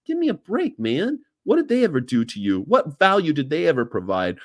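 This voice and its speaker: A man's voice: on the high side, huge pitch swings, a little fast. A man with an American accent hosting a casual livestream, reading viewer comments and rambling with jokes and casual swearing. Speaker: host.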